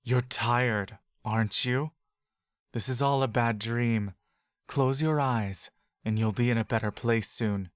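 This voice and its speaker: Cold controlling villain guy, low and slow, booming, dry sound, as the narrator puts him on. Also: dry recording, close to an everyday voice. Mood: coaxing. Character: menacing male caregiver villain, cold and controlling.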